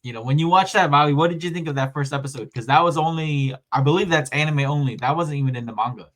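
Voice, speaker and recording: A man hosting a casual podcast, chatting and recapping scenes in an animated way, often laughing as he retells them. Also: on the high side, fast talker. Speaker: podcast host.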